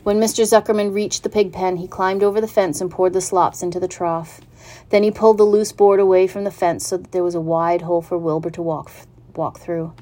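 A woman reading a children's storybook aloud in an even, unhurried narrating manner. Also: on the low side.

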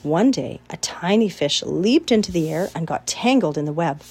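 Wise gentle spider lady, as a woman reads her. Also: lowish voice, lively intonation, moderate pace, slightly rough. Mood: storytelling. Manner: gentle, coaxing, commanding at times. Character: kind clever female spider, patient and wise.

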